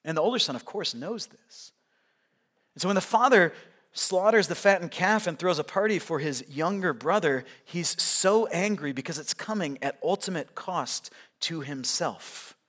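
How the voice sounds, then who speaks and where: A man preaching a sermon, swinging from loud, emphatic lines to hushed, quiet ones as he works through a passage. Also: on the high side, lively intonation, normal speed. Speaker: pastor.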